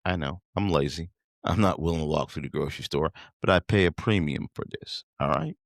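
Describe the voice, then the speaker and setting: A man's voice: rumbling low, fairly quick, gravelly, no room sound, clean studio sound. A man hosting a podcast, giving a motivational business talk in an emphatic, preachy way and addressing listeners directly. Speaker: podcast host.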